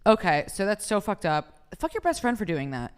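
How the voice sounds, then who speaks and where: A woman's voice: medium pitch, very animated, brisk, clear, resonant tone. A young woman hosting a casual podcast, reading listener stories aloud and reacting bluntly with lots of swearing. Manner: profane, laughing, blunt. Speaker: podcast host.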